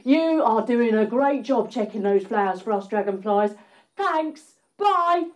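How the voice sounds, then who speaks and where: A breezy, good-natured male dragonfly from a children's storybook, as a woman puts him on. His voice sits high and bounces up and down as he chats. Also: animated, measured pace. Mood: friendly. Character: friendly, easygoing male dragonfly.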